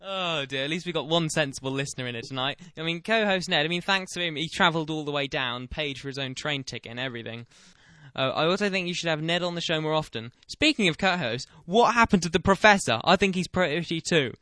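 Bright-voiced teen radio host. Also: male voice, fairly high pitch, lively intonation, quick pace, no room sound. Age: late teens. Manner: jokey, rambling and self-mocking. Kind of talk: comedic casual radio chat. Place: small home studio. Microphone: webcam and studio mic.

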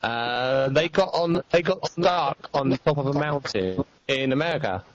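A man's voice: mid-range voice, lively intonation, measured pace, dry recording. A man calling into a radio show, telling a rambling story with some hesitation. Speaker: caller and quiz contestant. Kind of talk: casual phone-in chat. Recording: dull, muffled call audio.

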